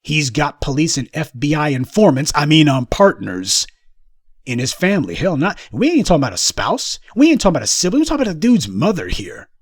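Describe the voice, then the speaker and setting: A man's voice: fairly high pitch, huge pitch swings, brisk, slightly rough, no room sound. Guy ranting sarcastically on his channel, voice swings all over, dry close sound. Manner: sarcastic, combative, mocking. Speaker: political commentator. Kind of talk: monologue commentary.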